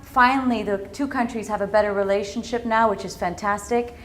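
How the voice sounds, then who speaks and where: A woman in her thirties telling a story in a talk to an audience, in a lively way. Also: medium pitch, a little fast. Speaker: speaker at a business talk event.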